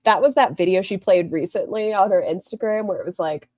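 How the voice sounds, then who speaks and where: Woman streamer reacting to clips, sarcastic and blunt, swears a lot, kinda low voice, dry sound. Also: a little fast, hardly any pauses, darkish tone, dry recording. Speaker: live-stream host. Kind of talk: live-stream reaction commentary.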